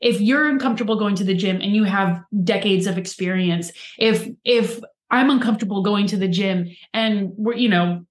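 A woman's voice: mid-range voice, normal speed, few pauses. A woman co-hosting a casual chat, talking reflectively with many fillers. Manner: chatty, filler-heavy, reflective. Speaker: podcast co-host. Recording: roomy echo.

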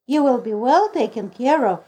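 A woman's voice: on the high side, lively intonation, moderate pace, dark tone, slightly rough. A woman reader voicing a deaf, gossipy old female lodging-house keeper who exclaims dramatically, in a storybook reading. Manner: exclaiming, throws up her hands.

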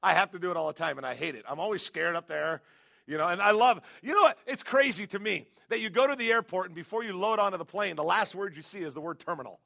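Bright, gravelly high-voiced male pastor. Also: fast talker. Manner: animated, jokey storytelling preacher. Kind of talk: sermon.

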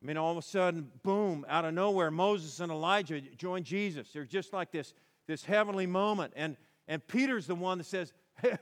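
Animated male pastor preaching. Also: high-pitched, moderate pace. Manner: conversational and animated, acting out quoted lines. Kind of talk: sermon.

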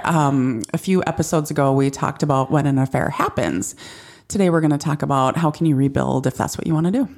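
A woman's voice: deep voice, a little fast, gravelly, darkish tone. A woman co-hosting a podcast in casual chat, with teasing, wry asides. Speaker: podcast co-host.

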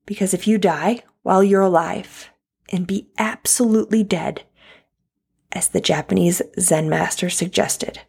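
A woman's voice: lowish voice, a little slow, gravelly, a little mellow, breathy edge, faint music behind. A woman in her thirties talking straight to the listener in an earnest, heartfelt motivational monologue. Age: 30s. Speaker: podcast host.

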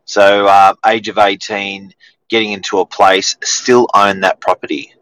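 A man's voice: fairly low pitch, little pitch movement, a little slow, a bit bright, dry recording, low-quality recording. A man co-hosting a casual chat, talking with hesitant restarts and fillers. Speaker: co-host.

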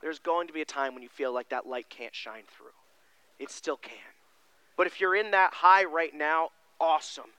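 A male pastor delivering a sermon in a folksy, emphatic way, swinging between loud stressed lines and quiet, low passages. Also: clear, resonant tone, no room sound.

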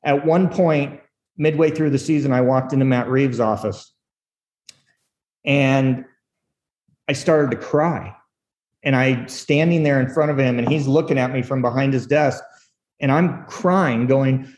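A middle-aged screenwriter telling candid stories in an interview, acting out quotes and laughing often. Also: male voice, medium pitch, unhurried, long pauses. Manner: animated storyteller, acts out quotes, laughs often. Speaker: screenwriter guest.

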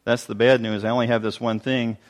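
Male pastor, mid-pitched, relaxed conversational sermon delivery with rhetorical asides. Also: fairly quick. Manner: conversational teaching with light laughs and rhetorical asides.

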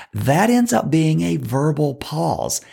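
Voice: medium pitch, very animated, slow pace, gravelly, darkish tone, breathy edge. A coach for fundraisers teaching public speaking in an instructional talk, emphatic and repeating key words.

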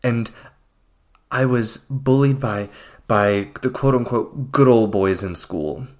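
A man's voice: medium pitch, slow, darkish tone. A man hosting a podcast, talking without a script in an earnest, emphatic way and calling his listeners friends. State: getting emotional. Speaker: podcast host. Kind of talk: unscripted heartfelt monologue.

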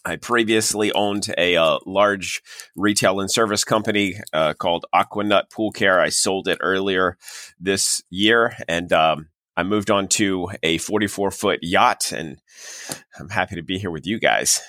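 A man talking as a podcast guest, halting with many "uh" fillers. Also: low voice, sharp tone, no echo, studio quality. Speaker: podcast guest, former business owner. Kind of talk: casual interview chat.

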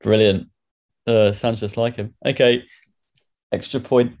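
A man's voice: mid-range voice, fairly even intonation, measured pace, darkish tone. A man hosting a comic game show with dry, wry remarks. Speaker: quiz host.

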